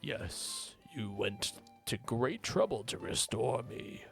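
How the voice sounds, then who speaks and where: A man reading game dialogue aloud as an ancient, wise male tree spirit, speaking slowly and gravely with a whispery edge. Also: mid-range voice, very animated, a bit bright, soft background music, exaggerated voice. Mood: solemn.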